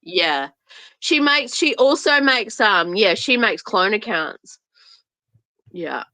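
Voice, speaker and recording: A woman's voice: mid-range voice, animated, slow, bright, forceful tone, dry recording. A woman hosting a livestream, gossiping in a casual, mocking way and laughing often. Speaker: livestream host.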